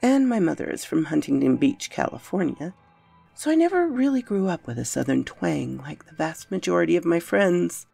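A woman's voice: fairly low pitch, very animated, moderate pace, vocal fry, dark tone, husky, soft background music. A woman narrating a horror story in a dramatic, brooding first-person style.

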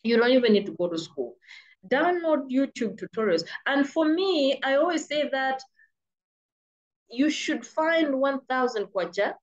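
A woman's voice: fairly high pitch, dull audio. Insistent woman with a British-sounding accent. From Malawi. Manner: emphatic and insistent, repeats for stress. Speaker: freelancing coach. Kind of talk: motivational advice talk.

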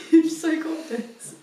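A woman's voice: extremely slow, crowd noise. A young woman in casual chat with friends, squeamish and complaining. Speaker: challenge participant. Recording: very echoey room from a distance, people chatting.

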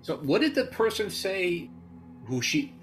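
A man's voice: high voice, unhurried, faint music behind. A man playing a tabletop game, chatty and playful with his character. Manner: lively, playful in-character asides. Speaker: player.

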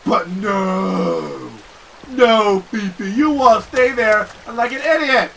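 A man giving excitable let's-play commentary, often yelling and cursing at the game he is playing. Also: high voice, takes it slowly, vocal fry, far from the mic, slight background noise. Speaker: gaming channel host. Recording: voice a bit off-mic over game music.

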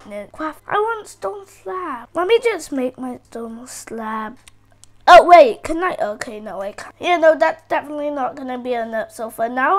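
A woman's voice: fairly high pitch, fairly bright tone. A woman giving casual gameplay commentary, chattering to herself, easily startled and repeating phrases over and over. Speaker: gaming channel host.

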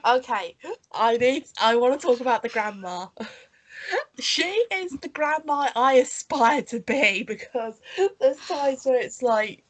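Nasal woman with a cold. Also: on the high side. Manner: rambling, full of fillers and restarts, coughing. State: has a cold. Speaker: podcast co-host. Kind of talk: casual chat reviewing a holiday special.

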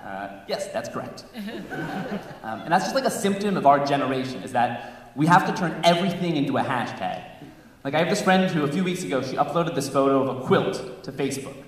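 A man's voice: a little high, lively intonation, brisk. Young male stand-up, echoey far hall. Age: young adult. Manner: rambling, filler-heavy storytelling with acted-out quotes. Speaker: stand-up comedian. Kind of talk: stand-up comedy set. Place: campus showcase stage, with live audience.

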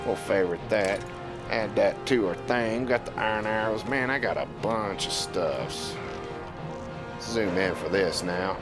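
A man's voice: on the low side, unhurried. A man streaming a video game, rambling and joking in casual commentary and talking back to the characters on screen. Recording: game music playing under the voice.

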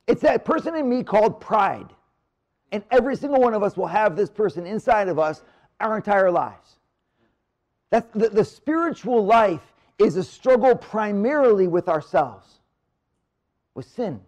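High-voiced energetic male priest preaching. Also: normal speed. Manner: energetic, conversational preacher with sudden drops to quiet. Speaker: priest giving a marriage retreat talk. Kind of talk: live retreat talk. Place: church room near the Blessed Sacrament.

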